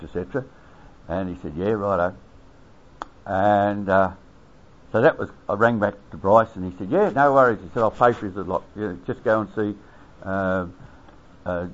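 An older Australian man, an army veteran, telling a rambling anecdote with chuckles, acting out the quoted voices. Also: on the low side. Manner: chuckling, acts out quoted voices, lots of fillers. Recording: dull lo-fi recording.

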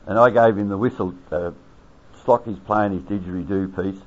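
Speaking at a moderate pace with fairly even intonation, an older Australian man with a deep voice, an army veteran, rambles through an anecdote. He chuckles, voices the people he quotes, and leans on lots of fillers, all on a dull lo-fi recording.

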